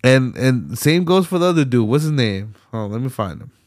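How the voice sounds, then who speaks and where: A man's voice: mid-range voice, sing-song, normal speed, a little mellow, no room sound, studio quality. A young adult man hosting a podcast, ranting solo in a profane, exasperated way, full of fillers. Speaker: podcast host. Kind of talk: casual solo rant.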